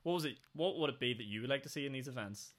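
A man hosts a casual interview at a quick clip. His voice is bright and forward, and he rambles in a friendly way, sprinkling "like" and "you know" throughout. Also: mid-range voice, lively intonation. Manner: chatty, fillers like "like" and "you know". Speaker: host.

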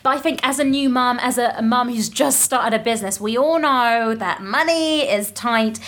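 A woman's voice: fairly high pitch, normal speed, fairly bright tone. A woman hosting a podcast interview in a bubbly, gushing way, laughing often. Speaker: podcast host. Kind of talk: casual interview chat.

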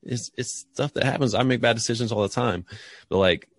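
A young man, a PE teacher and parent, answering interview questions in a relaxed, chatty way. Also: mid-range voice, fairly quick, no room sound. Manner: relaxed, chatty, says dude and like a lot.

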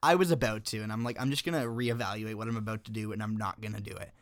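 A man's voice: lowish voice, fairly even intonation, rapid-fire, vocal fry, no room sound, clean studio sound. A man co-hosting a movie podcast, chatting in an easygoing way. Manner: easygoing, laughs along. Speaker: podcast co-host. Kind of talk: casual chat.

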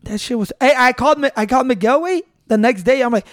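A man hosting a podcast, telling a story in animated, swearing casual chat with Spanish words mixed in. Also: extremely high pitch, quick pace, dry recording, studio quality. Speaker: podcast host.

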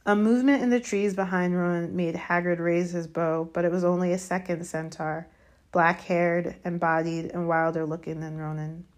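A woman reading a children's fantasy chapter aloud as narrator, steady and measured. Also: lowish voice. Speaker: audiobook reader. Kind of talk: storybook narration.

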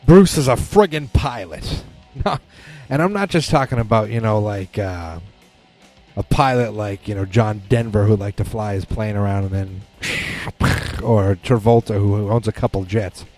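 Rambling, low-voiced man. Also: moderate pace, darkish tone, soft background music. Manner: rambling, with many restarts and fillers. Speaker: podcast host. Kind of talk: casual monologue.

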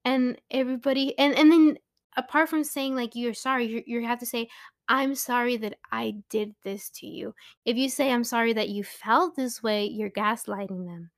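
Rambling young woman podcaster, higher voice. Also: fairly even intonation, normal speed. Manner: rambling, full of restarts and "like". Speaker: podcast host. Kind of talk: casual solo podcast monologue.

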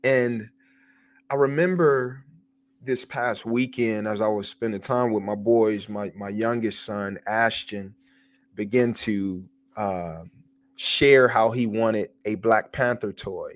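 A man hosting a devotional podcast, telling a family story in an earnest way, with pauses and repeated words as he goes. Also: lowish voice, no room sound. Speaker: podcast host.

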